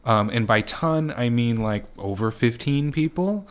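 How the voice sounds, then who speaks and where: A young man co-hosting a podcast in casual chat with his wife, talking in an even, low-key way. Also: a little slow, clear, resonant tone. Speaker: podcast co-host.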